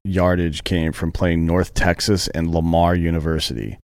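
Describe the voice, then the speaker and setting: A man's voice: deep voice, level tone, moderate pace, darkish tone, no echo, clean studio sound. A young man co-hosting a casual sports betting podcast, speaking bluntly and wryly with frequent swearing. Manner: blunt, profane, wry. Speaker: podcast co-host.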